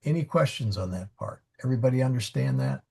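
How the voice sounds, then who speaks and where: A man teaching a Latin class, explaining grammar patiently with fillers and pauses. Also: medium pitch, animated, creaky, warm tone, slightly rough.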